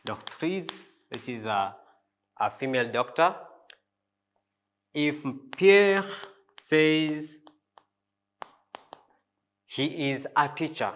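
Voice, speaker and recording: A man teaching a French lesson, repeating each phrase slowly and spelling out the pronunciation. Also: a little high, lively intonation, a bit bright. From Africa. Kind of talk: language lesson.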